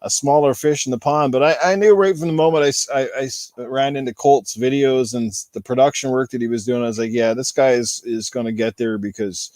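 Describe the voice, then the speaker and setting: A man's voice: medium pitch, steady tone, a little fast, few pauses, a little mellow, no room sound. A middle-aged man from Canada hosting a casual gaming podcast, rambling and swearing freely. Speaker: podcast host.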